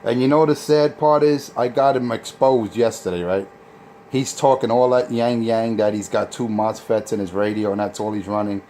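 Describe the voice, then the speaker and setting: A man's voice: fairly low pitch, steady tone, moderate pace, mellow, slight background noise. A man on CB radio, taunting and insulting rival operators in a boastful, crude way. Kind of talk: trash talk over CB radio.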